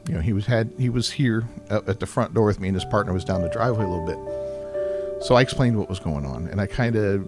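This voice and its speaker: A man candidly telling a personal story in a rambling, halting way, with many restarts and "you know"s. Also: on the low side. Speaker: vlogger sharing a personal story. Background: background music.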